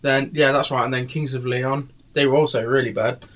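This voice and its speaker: A man's voice: medium pitch, steady tone, a little fast, fairly bright tone. A tired man tells a meandering story in a casual podcast chat. He swears freely and fills his sentences with "um" and "you know". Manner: rambling storytelling, many fillers and swearing.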